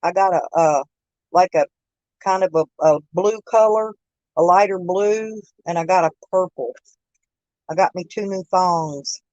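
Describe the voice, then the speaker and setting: A woman hosts a casual live chat stream, laughing frequently and addressing viewers by name. Her voice sits on the low side with a darkish tone, and she talks a little slowly. The phone audio is dull, with no room sound.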